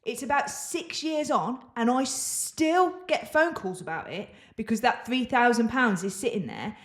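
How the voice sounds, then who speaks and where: A woman's voice: a little high, a little slow. A woman co-hosting a podcast, telling stories in a casual chat and acting out the voices of the people in them. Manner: animated, acts out quoted voices in her stories. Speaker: podcast co-host. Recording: echoey room.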